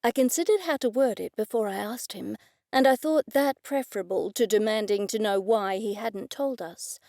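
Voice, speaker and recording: A woman narrating an audiobook in the first person with measured, even storytelling. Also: fairly high pitch, dry recording, clean studio sound.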